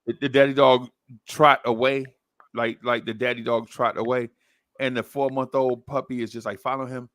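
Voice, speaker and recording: A man's voice: medium pitch, little pitch movement, normal speed, fairly bright tone, no room sound, clean studio sound. A man telling a story in casual chat, acting out voices and laughing often as he goes. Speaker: podcast co-host telling a story.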